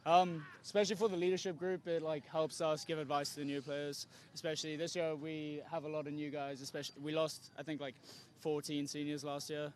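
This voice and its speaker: A man's voice: on the high side, little pitch movement, a little fast, a little hiss or hum. A young man with a South African accent, the team captain, talking casually outdoors after a match with plenty of filler words. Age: young adult. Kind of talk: post-match interview.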